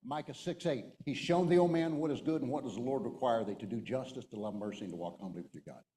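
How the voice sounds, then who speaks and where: A man's voice: medium pitch, quick pace, warm tone, long reverb tail, poor audio. A middle-aged man, a retired Marine colonel, giving an emphatic storytelling talk from a stage to a men's group. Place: stage before an audience.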